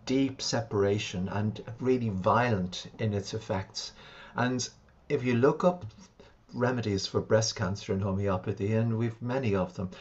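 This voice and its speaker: A man, a homeopath and shamanic practitioner, calmly recounting a client's sessions in an interview. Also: on the low side, dull audio. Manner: calm, reflective, recounts sessions at length. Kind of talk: interview storytelling.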